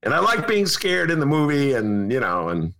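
A man's voice: mid-range voice, wildly swooping pitch, moderate pace, creaky, fairly bright tone. A man in his sixties hosting a podcast, chatting casually in a rambling, emphatic way and repeating himself. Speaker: podcast host and journalist. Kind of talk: casual chat.

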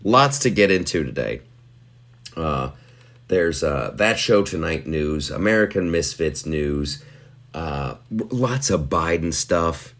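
Low, slow-talking man hosting a podcast. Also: lively intonation, fairly bright tone. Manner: rambling, self-mocking, with frequent fillers and restarts. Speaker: podcast host. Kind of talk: casual comedic monologue.

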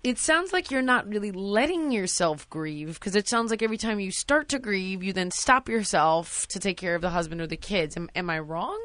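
A woman in her thirties hosting a call-in advice show, talking gently and soothingly to a caller she calls sweetie. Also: mid-range voice, expressive, moderate pace, few pauses, dry recording. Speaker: host.

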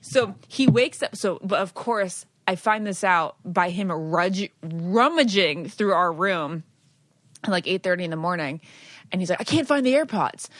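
Animated woman co-host telling stories. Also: lowish voice, unhurried, no room sound. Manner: animated storyteller, acts out quotes. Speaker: podcast co-host. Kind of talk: casual chat.

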